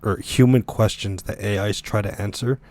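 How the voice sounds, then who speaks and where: A man co-hosting a casual podcast over a call, an animated storyteller who laughs often. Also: on the low side, normal speed. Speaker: podcast co-host.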